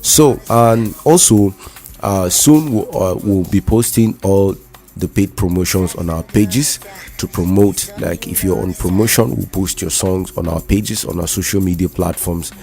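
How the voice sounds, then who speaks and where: A man with a Nigerian accent, co-hosting a casual radio talk show, speaking haltingly with many restarts and repeated words. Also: low-pitched, vocal fry, mellow. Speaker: radio co-host.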